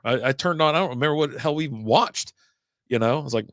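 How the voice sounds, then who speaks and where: A man's voice: medium pitch, quick pace, fairly bright tone, dry recording, clean studio sound. A middle-aged man hosting a beer podcast live stream, chatting in a rambling, laid-back way and often correcting himself. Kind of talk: casual live-stream chat.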